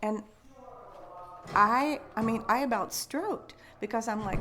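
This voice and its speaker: Animated woman telling an eerie story. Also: mid-range voice, moderate pace. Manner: animated, restarts and repeats words, acts out her own thoughts. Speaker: conference attendee telling an encounter story. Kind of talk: emotional first-person storytelling. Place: conference venue.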